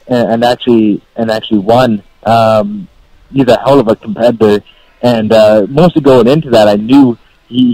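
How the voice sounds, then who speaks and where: A man's voice: mid-range voice, dark tone, no room sound, poor audio. A man with a Canadian accent answering interview questions as a guest, laid-back and repeating words. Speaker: guest fighter.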